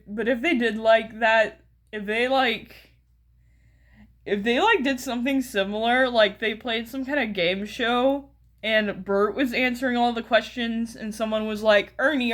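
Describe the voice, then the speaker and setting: Slow, rambling American woman. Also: medium pitch, a bit bright. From United States. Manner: rambling, many fillers and restarts, chuckles often. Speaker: YouTuber. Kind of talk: casual commentary.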